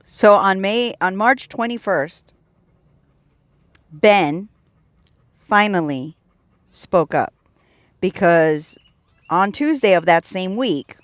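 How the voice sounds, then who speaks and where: A woman sharing a personal faith testimony in an earnest, animated storytelling way, dropping low and soft at serious moments. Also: slow, long pauses, no echo. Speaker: Christian vlogger sharing testimony.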